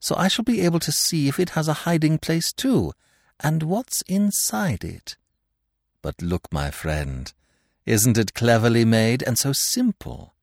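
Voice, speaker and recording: A man reading a story aloud and voicing a sly, mocking gentleman thief with a theatrical, taunting manner. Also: medium pitch, expressive, unhurried, creaky, no room sound, clean studio sound, voice pushed up. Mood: smug.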